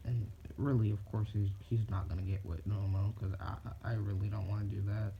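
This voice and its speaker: A man's voice: fairly low pitch, fairly even intonation, fairly quick, vocal fry, hardly any pauses. A man casually telling an improvised fan story, rambling and swearing. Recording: dull lo-fi recording with faint noise.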